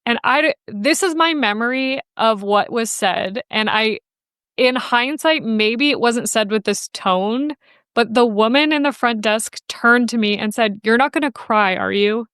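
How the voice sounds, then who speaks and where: Podcast guest, woman, higher and smooth, chatty storyteller who acts out quotes, dry close mic. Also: unhurried, fairly bright tone, no room sound. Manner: chatty and emotional, quotes people in playful voices. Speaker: podcast guest, animal welfare researcher. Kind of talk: casual interview storytelling.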